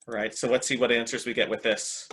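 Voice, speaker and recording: A man's voice: mid-range voice, level tone, a little fast, fairly bright tone. A man presenting a teacher training webinar over a video call, upbeat and encouraging, often repeating "excellent" and checking in with "right?". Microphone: computer mic on a video call.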